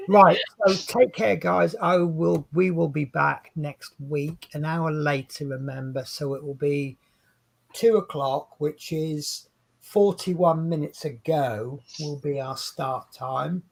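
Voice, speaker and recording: An English man co-hosting a casual livestream, talking in a relaxed, unhurried drawl with a slightly raised pitch for a man. He rambles from one thought to the next and keeps breaking off mid-sentence to restart, like someone at ease chatting to viewers from a home webcam setup. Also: creaky. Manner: rambling, chatty, self-interrupting. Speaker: co-host.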